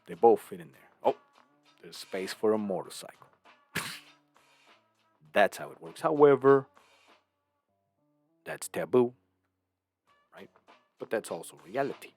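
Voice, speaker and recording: A man's voice: lowish voice, lively intonation, unhurried, vocal fry, long pauses, darkish tone, soft background music. A man hosting a casual monologue, preaching his views and asking "right?" again and again, sometimes acting out other people. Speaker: host.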